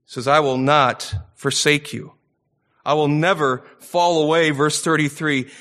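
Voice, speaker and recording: Bright-voiced man preaching with emphatic peaks. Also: fairly high pitch, steady tone. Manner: preaches with rising emphatic peaks and dramatic pauses. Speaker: pastor. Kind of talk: expository sermon.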